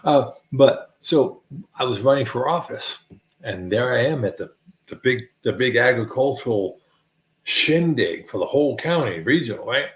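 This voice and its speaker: A man from the United States telling rambling, animated stories in a folksy way, chuckling at his own tales. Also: mid-range voice, normal speed. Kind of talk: casual rambling anecdote. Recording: roomy echo.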